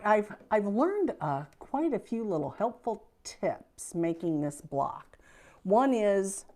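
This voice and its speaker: Slow, chatty Midwestern woman teaching quilting. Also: medium pitch, dark tone. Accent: Midwestern American. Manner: chatty, folksy, self-deprecating. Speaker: quilting instructor. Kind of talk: casual sewing demonstration. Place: sewing room.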